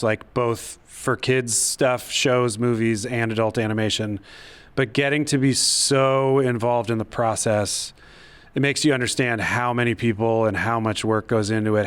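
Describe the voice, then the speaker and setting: A man, the show's co-creator and voice actor, chatting in a casual interview, laughing often and joking quickly. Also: medium pitch, smooth. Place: studio at a convention.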